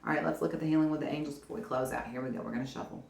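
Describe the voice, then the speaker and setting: A woman tarot reader with a lowish voice, talking animatedly and encouragingly straight to the viewer in a casual reading. Her voice rings in a roomy, echoey space. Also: racing, gravelly, a little mellow. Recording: roomy echo.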